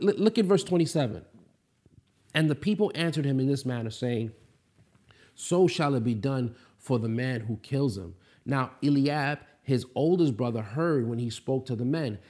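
A man preaching a sermon, building emphasis through repeated rhetorical questions and dramatic slowdowns. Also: medium pitch, darkish tone. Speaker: pastor.

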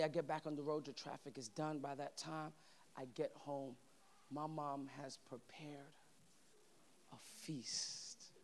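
A man preaching a sermon, telling a funny personal story and shouting playfully to the congregation. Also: mid-range voice, vocal fry.

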